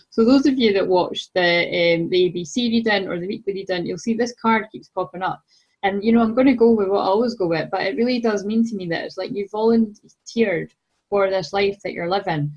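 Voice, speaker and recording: A woman's voice: on the low side, slightly rough, rough recording. A woman giving a casual weekly tarot card reading, chatty and rambling with lots of fillers and self-corrections.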